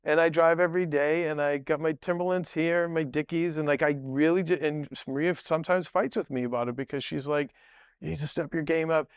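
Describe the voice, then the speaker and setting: A man's voice: a little high, fairly even intonation, brisk, few pauses, clean tone, dry recording. A middle-aged man who is a guest on a podcast, telling long stories in a rambling way with many restarts and asides. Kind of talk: casual storytelling.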